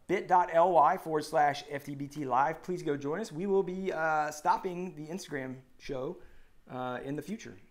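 A man's voice: a little high, normal speed. A man in his thirties co-hosting a live stream, reading viewer comments aloud in an upbeat, joking way. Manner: upbeat, reads comments aloud, hums while scrolling. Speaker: co-host.

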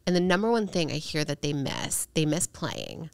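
A woman's voice: low-pitched, huge pitch swings, normal speed, gravelly, no room sound. A woman hosting a podcast, talking earnestly and chattily, often tagging her points with "right?". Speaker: podcast host. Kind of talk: casual conversational interview.

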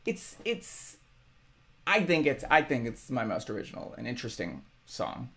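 A man musician talking casually about his own songs, halting and rambling with many restarts. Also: mid-range voice, huge pitch swings, a bit bright. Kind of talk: casual reflective monologue.

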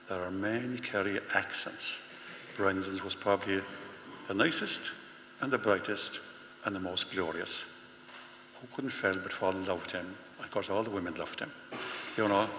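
A man, a parish priest giving a funeral homily in a halting way, repeating words and building emphasis. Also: deep voice, bright, forceful tone. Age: 60s. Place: large church. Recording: echoey church with long reverb, faint hum.

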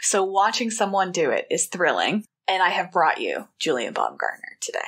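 A woman co-hosting a podcast in casual chat, telling a story with wry, animated asides. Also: fairly low pitch, normal speed, husky. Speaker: podcast co-host.

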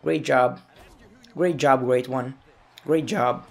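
A man's voice: medium pitch, fairly even intonation, takes it slowly, gravelly. A young man commentating his own wrestling-game match in a goofy, playful way, with bursts of mock anger at the players. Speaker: gaming YouTuber. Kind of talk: gameplay commentary.

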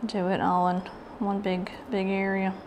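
A woman's voice: medium pitch, little pitch movement, a little slow, darkish tone, slight background noise. Chatty Southern woman crafting. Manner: rambling, chatty and self-deprecating. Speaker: craft channel host. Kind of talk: casual craft tutorial chat.

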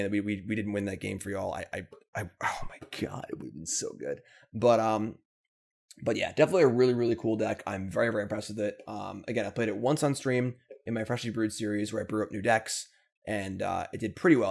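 A man's voice: lowish voice, quick pace, creaky, a little mellow. A man hosting a card game video, commenting casually on his play with mock-dramatic lament and upbeat wrap-up. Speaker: Magic gameplay video host.

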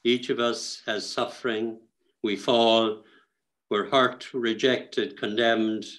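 An Irish priest leading the Stations of the Cross outdoors, speaking in a measured, prayerful manner. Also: male voice, medium pitch, flat delivery, fairly bright tone, rough recording. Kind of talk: prayer meditation. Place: outdoors on a hillside.

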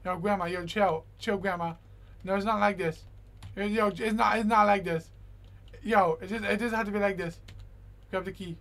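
A young man giving casual gameplay commentary as a gaming YouTuber. He is excitable, keeps talking to the game character, repeats himself, and says "yo" and "bro" a lot. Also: sits high, moderate pace, long pauses.

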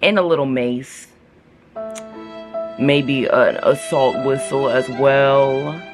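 A woman's voice: a bass voice, steady tone, slow, over music. A young woman from the United States, talking casually to camera in a travel vlog with crude, sarcastic jokes, recorded close up indoors at a friend's home. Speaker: vlogger.

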